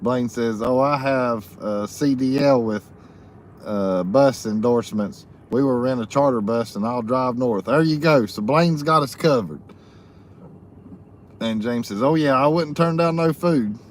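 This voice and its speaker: A man's voice: medium pitch, unhurried, slight background noise. A man hosting a live stream, reading viewer comments aloud in a folksy way and laughing often. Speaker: livestream host reading chat comments. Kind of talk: casual live chat.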